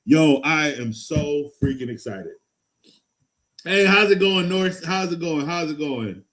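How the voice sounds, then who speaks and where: A man hosting a live fantasy football stream, excitable and rambling, going from loud hype to low mutters. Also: unhurried. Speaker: fantasy football show host. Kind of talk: casual live-stream talk.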